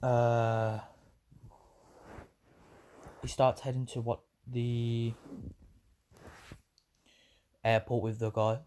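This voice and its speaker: A man's voice: medium pitch, flat delivery, slow pace, darkish tone, slight background noise. Rambling, swearing young man. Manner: rambling, self-correcting, swears freely. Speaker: vlogger. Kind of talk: casual rambling retelling of a fan story.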